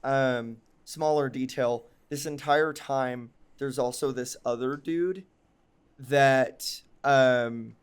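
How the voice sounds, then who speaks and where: A man's voice: medium pitch, fairly even intonation, takes it slowly, smooth. A young man telling a long personal story on a podcast, casual and rambling, full of ums and likes, and often mocking himself. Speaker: podcast co-host.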